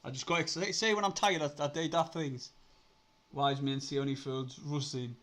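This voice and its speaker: A young man with a Sunderland accent, hosting a casual live stream, chatty, laughing often, swearing and getting excitable. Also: a little high, normal speed. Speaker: livestream host.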